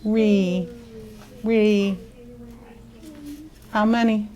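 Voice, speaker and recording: A woman teaching young students phonics in a school classroom, drawing words out slowly and asking coaxing questions. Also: medium pitch, fairly even intonation, dark tone, highs cut off, slight background noise. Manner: slow, drawn-out, coaxing questions.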